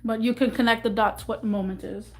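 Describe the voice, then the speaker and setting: Young woman, slightly high voice, rambling halting storyteller, emotional vlog storytime. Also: steady tone, darkish tone. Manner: halting, repeats herself, rambling. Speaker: vlogger.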